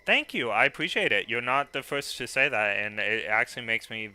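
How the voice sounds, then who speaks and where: A man's voice: medium pitch, expressive, a little fast, bright, forceful tone, clean tone. A man streaming a video game, chatting casually and hesitating often with fillers and restarts.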